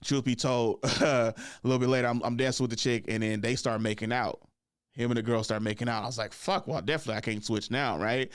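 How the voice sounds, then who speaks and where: A man in his thirties tells a story on his own podcast, loose and chatty, breaking into laughs and tagging his sentences with "right?". His voice sits in an ordinary middle pitch. The sound is dry and close, with no room echo. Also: fairly even intonation, fast, clean tone. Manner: laughs often, fills with "like" and "right?". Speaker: podcast host. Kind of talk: casual storytelling.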